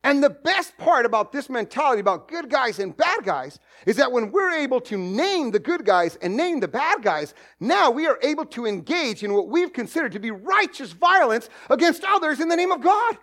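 A middle-aged man preaching from the pulpit, his voice sitting unusually high for a man. He swings through a lively range of pitch, joking and playing out little scenes as he makes his points. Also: moderate pace, hardly any pauses. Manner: animated, jokey preaching with acted asides. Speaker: pastor. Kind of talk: sermon.

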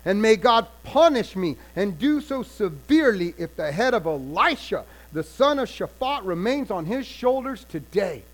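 A man's voice: high voice, very animated, moderate pace, hardly any pauses, low-quality recording. A man playing a king who is heavy with shame over his people's depravity. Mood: accusing. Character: ashamed old king, grieving then blaming.

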